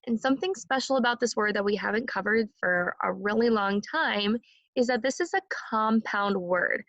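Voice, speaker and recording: A woman teaching a phonics lesson to young children, speaking slowly and clearly and modeling sounds for the class to repeat. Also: a little high, fairly bright tone, no echo, dull audio.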